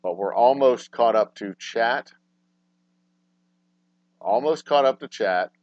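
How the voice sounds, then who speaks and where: A man hosting a casual livestream talk show, swearing freely and swinging between low, mumbled asides and loud, exasperated rants. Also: slow pace, dry recording. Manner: profane, ranting, swings from mumbling to loud outbursts. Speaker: podcast host. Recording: dry, dull lo-fi sound.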